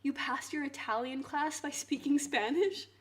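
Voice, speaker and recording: A woman streamer chatting casually to her viewers, swinging into loud mock outrage and swearing. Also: high voice, moderate pace. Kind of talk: casual live-stream chat. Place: home kitchen.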